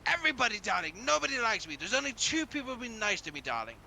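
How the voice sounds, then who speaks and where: A man's voice: high voice, sing-song, fast talker, creaky, a crowd in the background, heavily acted, poor audio. A man voicing a brash, foul-mouthed English lady driver who calls everyone darling, in game roleplay. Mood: self-pitying.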